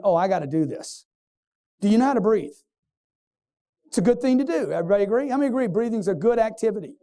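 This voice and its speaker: Male sales trainer on stage: high, mellow voice, punchy crowd-quizzing delivery. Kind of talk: motivational sales seminar talk. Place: stage before a live audience.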